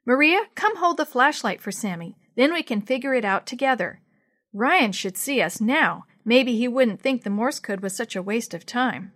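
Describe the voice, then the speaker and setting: Storybook son, earnest and urgent, high bright voice woman reading. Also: lively intonation, normal speed. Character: earnest boy, the father's son.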